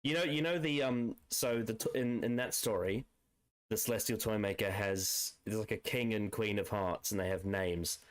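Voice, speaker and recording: Podcast co-host: man with a lowish voice, casual, analytical, rambling with restarts. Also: normal speed, clear, resonant tone. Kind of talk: casual chat.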